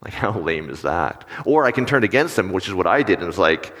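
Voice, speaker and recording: A male pastor giving a casual, talky sermon, his low voice carried by the long reverb of a large hall. He keeps checking in with his listeners through questions. He livens up when he acts out small scenes. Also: fairly quick, hardly any pauses, slightly rough. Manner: conversational, animated when acting out stories, asks the audience questions.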